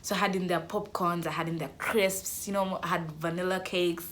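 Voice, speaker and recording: A young woman telling a funny story from school in an animated, dramatic way. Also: lowish voice, moderate pace, background noise. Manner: animated, dramatic, laughing a lot. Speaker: vlogger. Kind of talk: storytime vlog.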